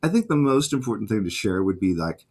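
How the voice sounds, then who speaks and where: A middle-aged man with a low, husky voice telling stories in a relaxed interview. His pitch rises and falls widely as he acts out the voices of the people in his anecdotes. He is a guitarist and music teacher. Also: fast. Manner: lively anecdotes, acting out quoted voices. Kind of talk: casual storytelling interview.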